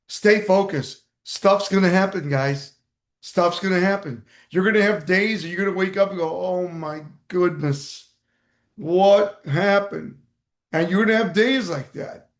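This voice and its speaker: A man giving an energetic motivational talk on a video call, stressing and repeating his key points. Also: on the high side, echoey room. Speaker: motivational speaker and mentor.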